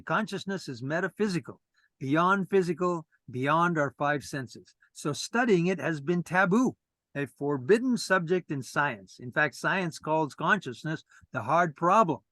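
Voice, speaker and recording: A presenter with a slightly high, somewhat bright voice earnestly lectures from a script, recorded with a dry, close sound. He breaks off now and then for casual asides to a co-host.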